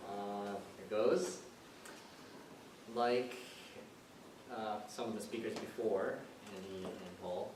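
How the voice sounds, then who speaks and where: A man giving a chatty impromptu speech at a club meeting, telling a personal story. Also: fairly low pitch. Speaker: club speaker. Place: meeting room. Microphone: distant room mic. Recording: echoey room, far off, noisy.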